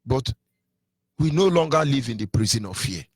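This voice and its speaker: A man's voice: mid-range voice, animated, normal speed, husky, no echo. A man with a Nigerian accent giving a fiery political sermon on radio, asking rhetorical questions and half-singing some phrases. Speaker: activist radio speaker.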